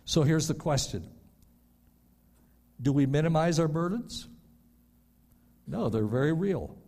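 An older man preaching a sermon as a pastor, rising loud and then dropping soft and low, often stammering on repeated words. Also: big pitch swings, unhurried, gravelly, long pauses, husky.

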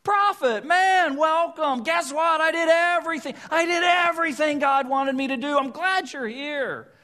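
A man voicing a brash, boastful king who is full of excuses, talking loud, fast and eager. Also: very high voice, voice pushed up, full character voice. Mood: brash cheerful. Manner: loud, fast, eager, talks over himself.

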